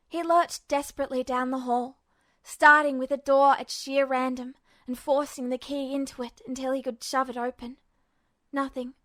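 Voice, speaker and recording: Brief: woman podfic narrator, bright high register, emotional delivery, close dry recording. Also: no echo. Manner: tense, emotional storytelling. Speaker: podfic reader. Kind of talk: scripted narration of fanfiction.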